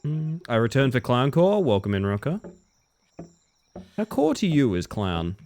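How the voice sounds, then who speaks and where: A man live-streams a video game, chatting casually with viewers, answering chat and reacting to the game as he plays. His mid-range voice swings widely in pitch, a little slow, with a darkish tone. There's slight background noise.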